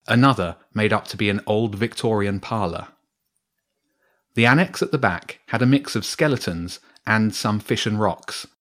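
A man calmly reading a children's story aloud as narrator. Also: on the low side. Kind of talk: scripted narration.

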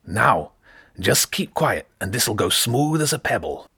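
Man doing a slick rat mercenary leader, smooth and assured, a bit higher than his own voice, dry close sound, storybook. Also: very animated, unhurried, pushed and bright, no echo, heavily acted. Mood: scheming.

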